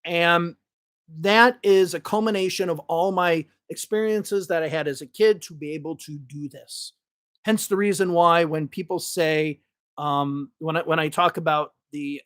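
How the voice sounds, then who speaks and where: A man's voice: fairly high pitch, a bit bright, clean tone. A man from Chicago with a Northwest suburban Chicago accent, hosting a podcast as an English teacher in casual, blunt and profane chat that rambles with restarts. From Chicago, United States.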